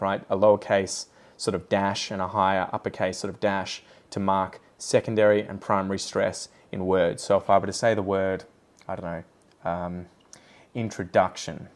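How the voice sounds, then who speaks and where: An Australian man with a fairly low voice talks in a relaxed, chatty way, wandering from one tangent to the next. He sounds like a plant channel host thinking aloud while he pots plants. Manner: chatty, rambling, goes off on tangents. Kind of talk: casual chat while potting plants.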